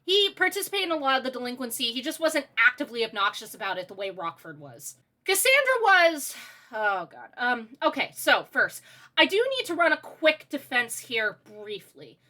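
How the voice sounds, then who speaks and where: A woman gives a ranting video game review with lively, swooping exasperation. Her voice is high and bright, and her sarcasm is sharp. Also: normal speed.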